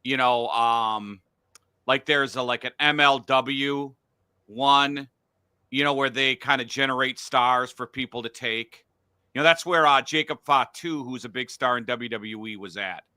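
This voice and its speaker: A man's voice: mid-range voice, unhurried, sharp tone, clear, resonant tone, no echo. A middle-aged man hosting a casual sports podcast from a home studio, blunt and profane when he rants. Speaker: podcast host.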